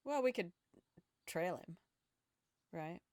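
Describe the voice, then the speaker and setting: A woman's voice: on the low side, expressive, slow pace, darkish tone, dry recording, clean studio sound. An older woman streaming a video game, chatting casually, thinking aloud and swearing freely. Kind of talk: casual gaming commentary.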